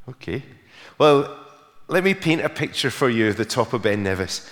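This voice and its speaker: A man preaching a sermon, telling a story and lifting his voice for emphasis, then going soft and low in prayer. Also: sing-song, normal speed, big-room sound.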